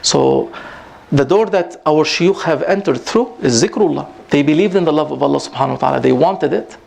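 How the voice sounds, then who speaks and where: A man giving an informal religious talk to a gathering, rising in pitch for emphasis and mixing in Arabic phrases. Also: brisk, gravelly, a little mellow. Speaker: Sufi teacher giving a talk. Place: prayer hall at a community gathering.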